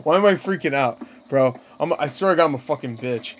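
A man hosting a casual reaction video, talking excitably, swearing and laughing at what he sees. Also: medium pitch, brisk, a little hiss or hum. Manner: excitable, swears often, laughs and yelps at jump scares.

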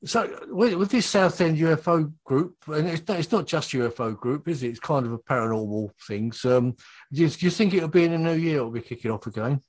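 A man's voice: fairly high pitch, fairly quick, a little mellow. A man hosting a radio interview, chatting casually and murmuring in agreement. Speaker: radio host.

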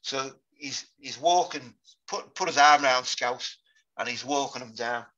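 Sober man recounting combat, bright-toned. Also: mid-range voice. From Britain. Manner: sober, halting recollection. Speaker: guest, war veteran. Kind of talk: interview storytelling. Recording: dull lo-fi podcast audio.

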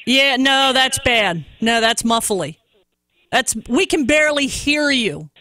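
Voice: sits high, animated, takes it slowly, sharp tone, dry recording. A radio co-host in a dry studio, playfully scolding the host and laughing along. The voice rises and falls freely. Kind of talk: casual call-in radio banter.

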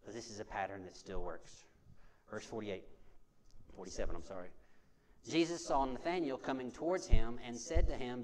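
An animated male pastor with a medium-pitched, darkish tone preaches at a moderate pace before a church congregation. He talks conversationally, repeats key phrases, and asks questions of the room in call-and-response style.

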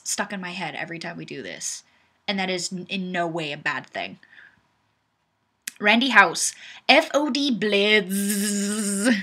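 Her mid-range voice is bright, forceful, and husky: a young woman hosting a webcam chat from her home setup, recorded on the webcam microphone. She reads out viewers' comments in a playful, bubbly manner, often breaking into laughter.

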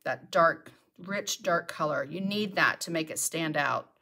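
A middle-aged woman with a slightly low voice leads a live painting tutorial from her studio. She chats casually and talks to herself while she works. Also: unhurried, bright, forceful tone. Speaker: painting teacher. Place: home art studio.

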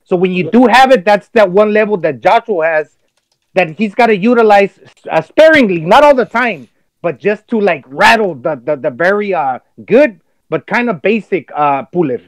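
A man's voice: high-pitched, expressive, normal speed, no room sound, rough recording. A man on a podcast panel, earnestly breaking down a fight. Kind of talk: casual podcast chat.

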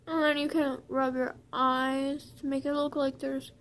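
A young female vlogger walks through a tongue-in-cheek beauty tutorial in a high voice, lingering over each word at a measured pace. She rambles playfully, restarts sentences and cracks jokes, with a level, fairly bright tone and barely any pauses.

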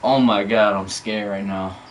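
A young man giving live commentary on his own basketball video game, swinging between loud yells and muttered groans. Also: lowish voice, steady tone, unhurried, dull audio, background noise. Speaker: gamer.

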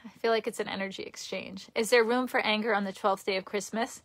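A woman's voice: medium pitch, fairly even intonation, quick pace, a bit bright. A young woman from Queens, chatting casually with viewers during a livestream from her childhood bedroom and laughing often. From Queens, New York. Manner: chatty, giggly, talks to viewers.

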